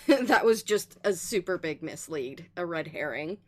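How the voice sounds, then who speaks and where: A woman's voice: lowish voice, expressive, a little slow. A woman hosting a livestream, casually recapping the story so far with lots of ums and laughs. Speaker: stream host recapping a game. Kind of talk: casual let's play chat.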